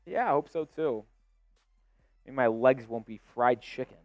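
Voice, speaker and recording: A man hosting a live sports stream, calling play-by-play and getting excitable on big plays. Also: mid-range voice, a little slow, no echo, dull audio, soft background music.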